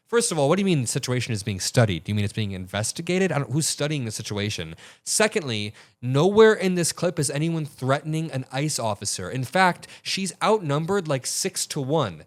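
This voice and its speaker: An indignant young man hosting a political commentary show. He talks with emphatic conviction at an ordinary, middle pitch. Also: very animated, a little fast, few pauses.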